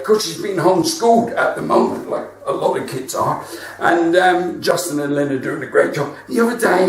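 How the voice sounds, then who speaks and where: An older comedian with a West Country accent, telling stories in a live stand-up show from his front room and laughing at his own jokes. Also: high voice. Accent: West Country English. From West Country of England. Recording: roomy, distant home recording.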